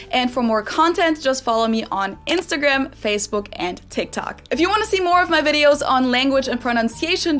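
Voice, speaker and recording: A German-accented woman explains grammar and pronunciation in a crisp, cheerful teaching tone. Her voice sits a little high and she speaks precisely. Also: fairly bright tone. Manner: clear, upbeat, precise. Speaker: language teacher. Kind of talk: explanatory language lesson.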